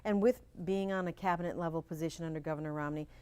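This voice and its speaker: In a local TV studio, a middle-aged candidate chats casually with an interviewer, earnest and upbeat, slowly spelling things out. She has a low-pitched, dark voice that is clear and resonant, with fairly even intonation.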